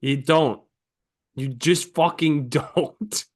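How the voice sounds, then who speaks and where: A man's voice: fairly high pitch, extremely slow. A young man co-hosting a podcast, arguing emphatically in casual, profane chat. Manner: emphatic, profane, animated storytelling. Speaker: podcast co-host.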